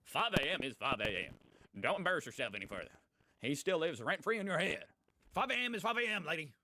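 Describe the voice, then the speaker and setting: A shrill, smug know-it-all commenter, as a man puts him on. The voice jumps far above a normal speaking range into a mocking, whiny sing-song. It sounds louder and pushier than ordinary talk. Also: very animated, quick pace, full character voice. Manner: high-pitched mocking whine.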